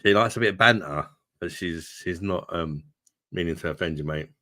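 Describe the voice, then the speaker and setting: Very deep-voiced bloke chatting. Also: male voice, brisk, sharp tone, no echo, clean studio sound. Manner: chatty, swears freely, calls viewers mate. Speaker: livestream host reading chat. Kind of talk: casual live chat.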